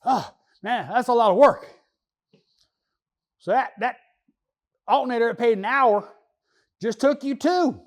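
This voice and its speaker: In a comedy character monologue, a man with a very high-pitched voice plays a lazy car mechanic who's proud of dodging work. He speaks unhurriedly with frequent pauses, rambling and joking in slang with loose grammar.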